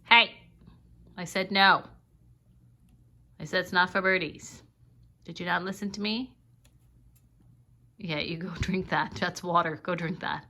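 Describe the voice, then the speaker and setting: A woman's voice: on the low side, fairly even intonation, a little slow, long pauses, pushed and bright, a little hiss or hum. A woman filming her pet bird, scolding it firmly and cooing to it in baby talk while chatting to viewers. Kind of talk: casual vlog talking to a pet and viewers.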